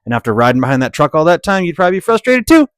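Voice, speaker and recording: A man's voice: a little high, rapid-fire, no room sound. Exasperated man ranting over dashcam clips. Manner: exasperated, sarcastic, animated when ranting. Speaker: commentator reviewing dashcam driving clips. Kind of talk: casual video commentary.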